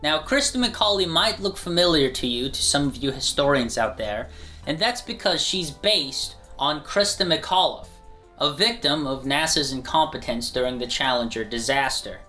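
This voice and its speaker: A man giving a casual, joking pitch for an animated show in an energetic, conversational way. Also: normal speed, soft background music.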